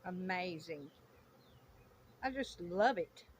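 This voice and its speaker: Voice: mid-range voice, normal speed, a little hiss or hum. Awed beekeeper amid buzzing bees. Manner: excited, exclaiming in awe. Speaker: beekeeper watching a swarm. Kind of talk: casual vlog commentary. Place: outdoors by a greenhouse.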